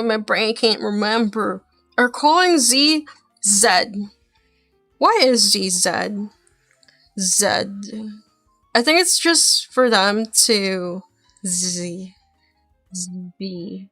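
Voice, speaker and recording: Slow-talking woman streamer, casual musing. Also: on the high side, no echo, clean studio sound. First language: not English. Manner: slow, drawn-out musing with soft trailing asides. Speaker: streamer reacting to videos. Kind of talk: casual chat.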